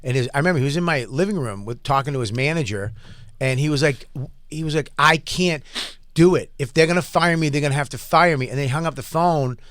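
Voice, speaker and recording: A man's voice: on the high side, quick pace, no room sound. A man in his forties, a comedian and podcast host, telling stories in casual chat and acting out the lines of people in them. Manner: profane, animated storyteller who acts out quotes.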